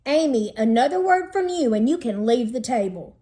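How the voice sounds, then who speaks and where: A woman's voice: fairly high pitch, lively intonation, normal speed, warm tone, lightly acted. A woman reading a storybook aloud and voicing a stern mother who gives short, clipped orders at the dinner table.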